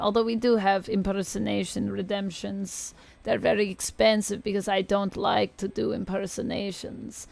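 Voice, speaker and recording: A woman's voice: medium pitch, vocal fry, no room sound. A woman streamer chatting casually with her viewers and answering their comments. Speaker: streamer, tarot reader. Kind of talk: casual livestream chat.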